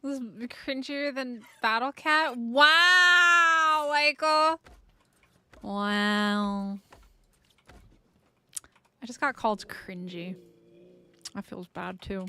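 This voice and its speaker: A woman's voice: high voice, lively intonation, very slow, pauses often, bright, forceful tone, clean tone. A woman streaming a survival game, chatting playfully with her viewers and laughing often. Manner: playful, giggly, chats with viewers. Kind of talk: casual live-stream chat.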